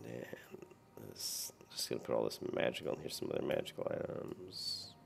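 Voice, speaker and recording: Sleepy, gravelly deep-voiced man. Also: lively intonation, moderate pace, whispered. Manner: rambling, with many fillers and restarts. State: very tired, yawning. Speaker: gameplay commentator. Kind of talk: casual gameplay commentary.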